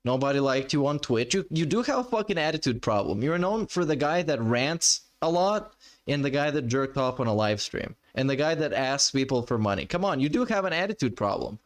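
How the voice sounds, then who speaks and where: A man's voice: mid-range voice, big pitch swings, fairly quick. A man reacting live to a clip with sarcastic, mocking, profanity-laden commentary. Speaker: reaction streamer.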